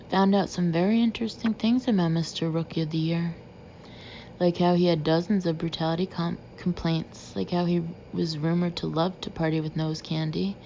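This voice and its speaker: A woman narrator voicing a gruff, bitter, middle-aged male detective who talks bluntly and sarcastically. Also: lowish voice, mellow, muffled recording, slight background noise.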